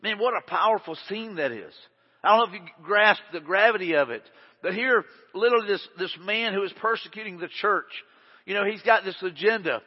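A male pastor with a high voice delivers an emphatic, conversational sermon, often circling back and repeating phrases. He sounds like he is in a large church hall with a long tail of reverb, and the recording is dull and lo-fi. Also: a little fast, slightly rough.

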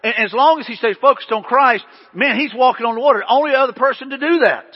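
A male pastor with a high, husky voice delivers a folksy, story-driven sermon to his congregation. His voice trails off into a long church-hall echo, and the recording sounds dull and lo-fi. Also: fast. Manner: conversational, storytelling preaching with folksy asides.

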